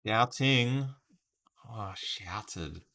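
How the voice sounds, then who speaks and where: A man's voice: fairly low pitch, expressive, drawn-out words, bright, forceful tone. A man casually live-streaming a word puzzle, thinking aloud over his guesses and chatting with viewers by name. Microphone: webcam stream setup.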